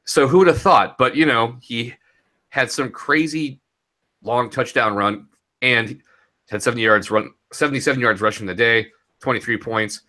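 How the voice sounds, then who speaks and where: A man's voice: mid-range voice, moderate pace, bright, forceful tone. A young man talking casually and rambling a bit as he recaps a fantasy football week, laughing easily. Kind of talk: casual podcast chat.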